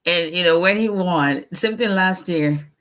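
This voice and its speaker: Woman, Nigerian accent, deep voice, casual livestream talk, tired, friendly chatter. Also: moderate pace, a bit bright. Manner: chatty, laughing, greets viewers by name. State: tired after a long day. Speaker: immigration attorney hosting a livestream.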